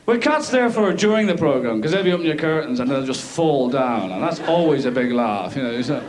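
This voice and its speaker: Animated Irish comedian with lively pitch. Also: male voice, fairly quick. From Ireland. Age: 30s. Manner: rambling, animated, self-mocking. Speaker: stand-up comedian. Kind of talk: live stand-up routine. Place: theatre stage. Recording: live theatre, audience laughter.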